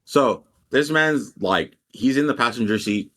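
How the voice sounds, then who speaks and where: A man's voice: medium pitch, expressive, measured pace, fairly bright tone. A young man casually telling a rambling, profane story and quoting people animatedly as a podcast co-host.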